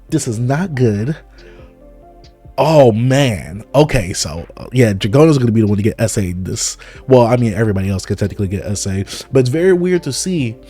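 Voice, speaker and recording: A man reading manga aloud and reacting live, in excitable, casual, slang-heavy commentary. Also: medium pitch.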